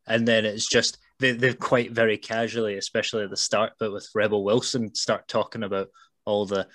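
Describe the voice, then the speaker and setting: Male podcast guest, lower voice, relaxed and thoughtful explainer, close and dry. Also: a little fast, no room sound. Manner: thoughtful, explains at length with "you know". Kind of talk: casual film chat.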